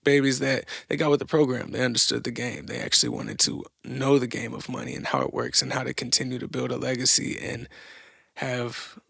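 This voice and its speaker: A young podcast host delivers an opinionated solo monologue in a gravelly, husky, sharp-toned voice of medium pitch. His rants are blunt, mocking, and heavy on profanity, recorded in clean studio quality with no room sound.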